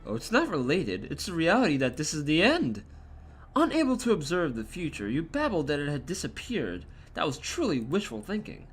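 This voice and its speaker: A man's voice: fairly high pitch, wildly swooping pitch, normal speed. A man voicing a cold, gloating male villain mage in a game, lecturing with contempt.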